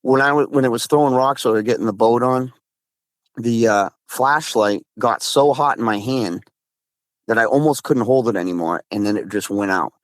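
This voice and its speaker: A man's voice: medium pitch, moderate pace, dry recording. A man from Massachusetts casually recounting a frightening encounter, rambling with restarts and acting out both sides of conversations. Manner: rambling, restarts, quotes friend in dialogue. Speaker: guest telling an encounter. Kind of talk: casual storytelling.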